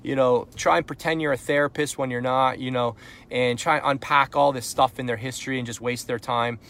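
A man's voice: mid-range voice, steady tone, fairly quick, a bit bright. A man from Canada giving a live sales coaching talk, blunt and punchy, firing rhetorical questions and pushing into frustrated intensity. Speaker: sales coach and podcast host.

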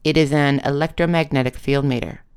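Audiobook psychic woman, read by the narrator: patient, precise, lecturing, a touch gravelly. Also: mid-range voice, steady tone, a little fast, close to an everyday voice. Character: pale tiny woman, earnest know-it-all psychic.

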